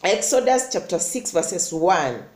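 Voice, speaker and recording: A woman's voice: lowish voice, very animated, a little slow, a little mellow, echoey room. A woman preacher, giving a sermon, reading scripture, then declaring and commanding with repeated phrases. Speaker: prophetess preacher.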